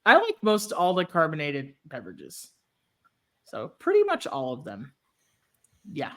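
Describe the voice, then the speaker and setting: A woman's voice: low-pitched, huge pitch swings, measured pace. A woman from Texas co-hosting a podcast, chatting casually with plenty of ums and easy laughter. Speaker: podcast co-host. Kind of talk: casual chat.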